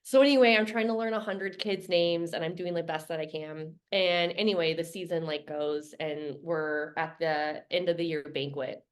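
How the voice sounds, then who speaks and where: A woman's voice: deep voice, steady tone, normal speed, hardly any pauses. A woman co-hosting a podcast, chatting casually and laughing easily. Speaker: podcast co-host, former coach. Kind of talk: casual chat.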